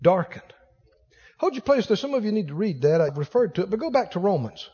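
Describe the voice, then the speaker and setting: A man's voice: high-pitched, sing-song, a little fast, dark tone, husky. A man preaching a sermon, exhorting his congregation emphatically and repeating lines for force. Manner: emphatic, repetitive exhortation with rising intensity. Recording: dull sound with long reverb in a large hall.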